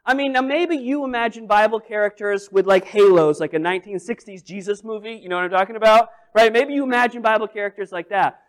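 A man preaching a sermon, telling a story in an animated way, dropping to near quiet and then rising loud as he acts out the scenes. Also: sits high, fast, hardly any pauses, smooth. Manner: animated storytelling with big swings in volume; acts out scenes and quotes with playful voices. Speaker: pastor.

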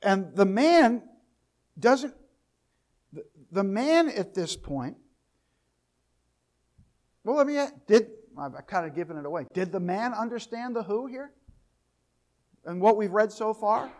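High-voiced man teaching scripture. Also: animated, measured pace, long pauses. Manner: reads scripture aloud, then explains it; repeats key questions, rising to louder emphasis. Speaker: Bible teacher. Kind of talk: Bible study teaching.

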